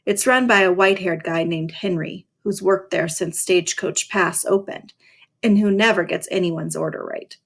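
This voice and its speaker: A woman's voice: lowish voice, moderate pace, creaky, fairly bright tone. A woman reading a first-person novel aloud in a dry, sarcastic voice, stopping now and then to talk to her listeners about it. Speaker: reader.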